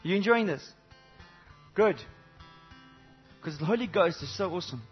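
A man preaching a sermon to a congregation, animated, swinging between loud exclamations and low intimate asides, with many rhetorical questions. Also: moderate pace, muffled recording, faint music behind. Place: church service before a congregation.

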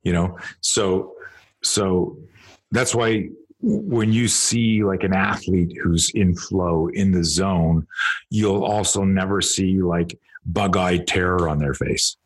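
Deep husky man explaining thoughtfully. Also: slow pace, rough recording. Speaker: podcast guest. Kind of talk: casual conversational interview.

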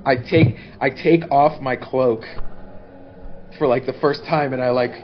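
A man's voice: medium pitch, steady tone, a little slow, highs cut off, slight background noise. A man playing in a tabletop game, brash and swearing casually. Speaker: player.

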